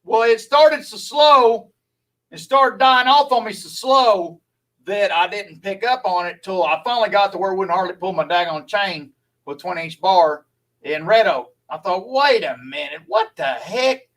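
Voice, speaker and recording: A man's voice: high voice, normal speed, a bit bright, recorded from a distance, low-quality recording. A man from Louisiana with a Southern accent, chatting folksily with viewers on a live stream, rambling and laughing easily.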